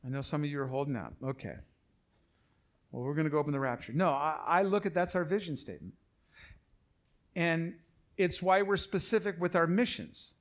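A middle-aged man preaching a sermon as pastor, emphatic and repetitive, slowing down to stress his points. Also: on the high side.

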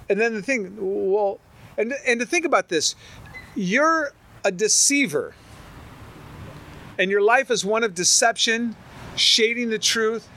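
A man's voice: high voice, unhurried, long pauses. A middle-aged man preaching a sermon, reading scripture aloud and riffing on it with humor and stories. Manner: animated, storytelling, reads scripture aloud then riffs with humor. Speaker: pastor.

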